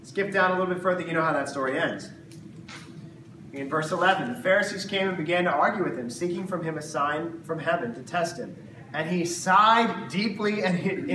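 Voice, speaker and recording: A man's voice: high-pitched, bright, forceful tone. A man teaching the Bible to a small group in casual, jokey talk, acting out voices of the disciples. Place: room with a live group. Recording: echoey room, distant mic, noisy background.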